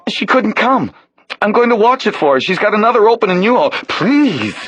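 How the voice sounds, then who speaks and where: A man playing a shrill panicky real estate agent. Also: very animated, moderate pace, a bit bright, dry recording, heavily acted. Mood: panicked. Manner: panicky, high-pitched pleading. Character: frantic young male real estate agent.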